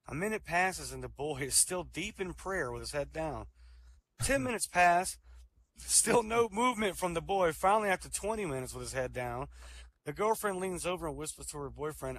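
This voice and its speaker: Comic storyteller, male, fairly high voice, animated joke delivery with acted-out lines. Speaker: comedian. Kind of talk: joke telling at an online comedy show.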